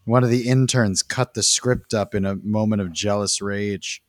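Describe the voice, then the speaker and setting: A man who is a comedian guest on a movie podcast, animated, incredulous and joking. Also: on the low side, moderate pace, dry recording, studio quality. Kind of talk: casual movie-review chat.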